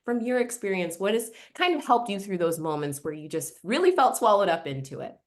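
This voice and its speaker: A woman's voice: mid-range voice, big pitch swings, brisk. A woman hosting a webinar over a video call, asking empathetic questions and sharing her own experience as a mother. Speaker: webinar host. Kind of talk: hosted webinar interview.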